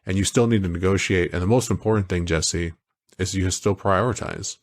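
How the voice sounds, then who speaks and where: A man co-hosting a podcast, talking in a casual, animated way that wanders through stories. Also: sits low, a little fast. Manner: animated, storytelling, digressive. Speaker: podcast co-host. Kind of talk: casual chat.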